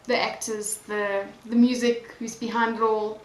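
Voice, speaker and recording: A woman's voice: a little high, flat delivery, unhurried. A young woman chatting casually about movies on her vlog, bubbly and emphatic, often laughing. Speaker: movie vlogger. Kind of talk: casual chat. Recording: echoey room with loud music.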